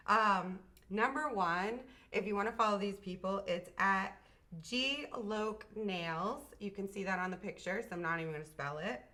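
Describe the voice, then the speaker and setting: A woman's voice: mid-range voice, fairly quick, few pauses, bright, forceful tone. Bubbly woman hosting a nail art show. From Portland, Maine. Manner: bubbly, enthusiastic, chatty. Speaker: show host. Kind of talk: casual livestream chat.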